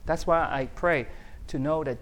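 A man's voice: a little high, normal speed. A middle-aged man, preaching a conversational sermon that keeps checking in with the audience. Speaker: pastor.

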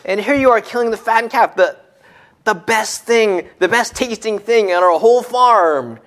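A man's voice: sits high, animated, normal speed, a bit bright, voice pushed up. A man voicing a bitter, resentful older brother who speaks indignantly. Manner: indignant, rising and pushing.

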